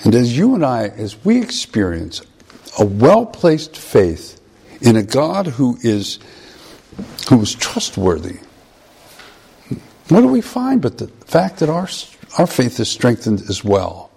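A man preaching a conversational sermon, often pausing and restarting phrases. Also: mid-range voice, wildly swooping pitch, vocal fry, mellow, husky.

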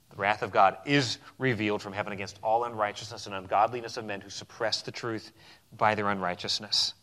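A pastor preaching a sermon with emphatic swings between loud declarations and quiet, low passages. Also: male voice.

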